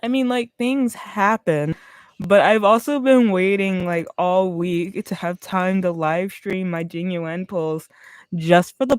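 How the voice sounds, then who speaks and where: A chatty, expressive game streamer talks through a live stream in a dry, close sound. The voice is a little congested, sitting at a middle pitch, and it explains strategy while thinking out loud. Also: clean tone, dry recording. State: congested, sniffling. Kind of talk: casual gaming live-stream commentary.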